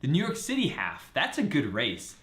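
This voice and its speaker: A man co-hosts a live running show in casual live-stream chat, reading upcoming race facts from his notes in a chatty way. His medium-pitched voice is fairly bright, swings hugely in pitch, and moves at normal speed, with roomy echo on the recording.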